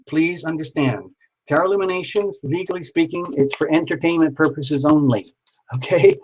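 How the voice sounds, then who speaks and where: A man's voice: fairly high pitch, darkish tone, rough recording. A man hosting a live tarot reading stream, chatting casually and reassuringly with viewers.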